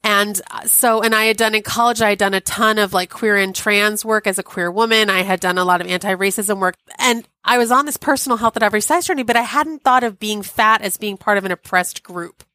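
A woman in her forties, a podcast guest, telling a personal story in a chatty, wry and animated way with many asides. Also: mid-range voice, brisk, few pauses, dry recording. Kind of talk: storytelling in an interview.

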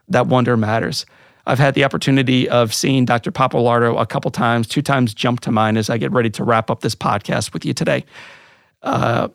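A man's voice: mid-range voice, normal speed, dry recording, studio quality. A man hosts a podcast, telling a personal story in an earnest, emotional voice. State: voice thick with emotion. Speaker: podcast host.

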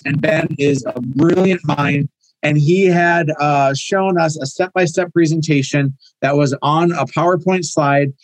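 A man in his thirties, a real estate coach teaching a live online class, energetic and storytelling. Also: a little high, no room sound, low-quality recording. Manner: energetic, storytelling, acts out quoted dialogue. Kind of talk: live online training talk.

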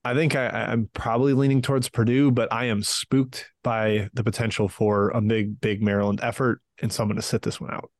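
A man's voice: fairly low pitch, level tone, a little fast, hardly any pauses, no echo. A man co-hosting a sports betting podcast, thinking aloud and weighing both sides before he makes a pick. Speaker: podcast co-host and betting analyst. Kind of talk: casual sports betting chat.

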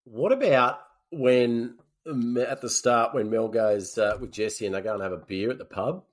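A man's voice: mid-range voice, moderate pace. A man in a casual film review chat, joking with mock outrage.

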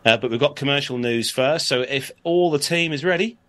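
Casting: friendly male podcast host, casual chat, reads news aloud, mid-pitched voice. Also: brisk, fairly bright tone.

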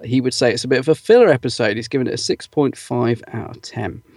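A man's voice: mid-range voice, lively intonation, fast, darkish tone, no echo, studio quality. A man co-hosting a podcast, casually reading out listener comments with lots of fillers and easy laughs. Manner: chatty, filler-heavy, laughs easily. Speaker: podcast co-host.

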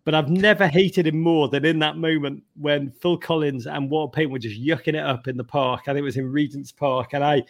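A middle-aged man with an English accent, telling lively stories as a podcast guest, swearing freely and acting out other people's voices. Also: on the high side, fairly quick, hardly any pauses. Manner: animated, swearing, acts out voices. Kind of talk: storytelling in conversation.

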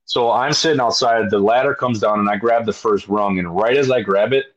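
Low-voiced man swearing through a story. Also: brisk, muffled recording. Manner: profane, emphatic, acts out his own shouts. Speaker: podcast guest. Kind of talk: animated storytelling.

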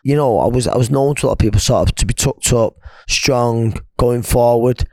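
Talking a little fast in a darkish tone, the guest, a retired boxer, chats through stories during a casual podcast interview and mimics his friends in a higher, laughing voice. There's no echo, and the studio sound is clean.

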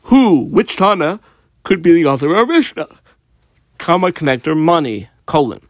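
A man's voice: a little high, very animated, normal speed, no room sound, studio quality. A man teaching a Talmud page in a methodical way, reading each phrase aloud and then explaining it. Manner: methodical, reads Hebrew and Aramaic then translates. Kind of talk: explaining a text with a page guide.

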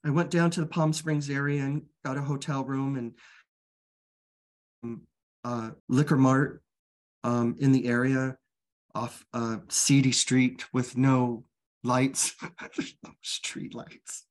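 In a level, medium-pitched voice, a guest tells the honest story of his recovery, pausing and beginning again often as he speaks sincerely and openly.

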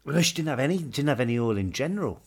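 A man co-hosting a podcast, reading listener messages and telling stories in a lively, casual way. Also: medium pitch, very fast, slightly rough. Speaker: podcast co-host.

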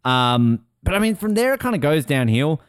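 A man co-hosting a podcast, chatting casually, excitable and sweary, acting out quotes in funny voices. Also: fairly high pitch, normal speed, clean tone, no room sound, clean studio sound. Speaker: podcast co-host. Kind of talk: casual chat.

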